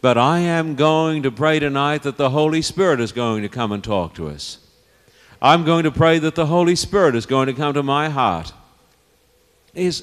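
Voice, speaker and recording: Smooth-voiced preacher in a hall. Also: male voice, fairly high pitch. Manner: earnest, pleading, repeats phrases for emphasis. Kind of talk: evangelistic sermon. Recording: long reverb of a hall.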